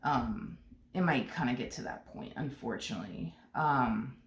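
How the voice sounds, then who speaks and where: A woman tarot reader gives a casual reading, blunt and emphatic, repeating her points and swearing freely. She has a bass voice at normal speed, recorded with a roomy echo.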